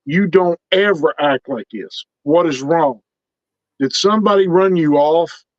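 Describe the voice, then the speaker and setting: A man's voice: fairly high pitch, measured pace, no room sound, dull audio, natural voice. A man doing a stern, worried father. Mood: demanding.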